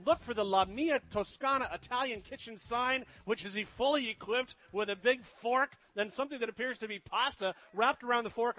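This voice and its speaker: Bright, high-voiced effusive radio host. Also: male voice. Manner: upbeat, effusive broadcaster. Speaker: radio food show host. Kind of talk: live radio talk. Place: restaurant.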